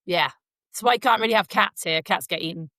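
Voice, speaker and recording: The Canadian podcast co-host here has a low-leaning voice with a sharp tone and a brisk pace. She spins casual, rambling stories with frequent fillers, and there's no room sound.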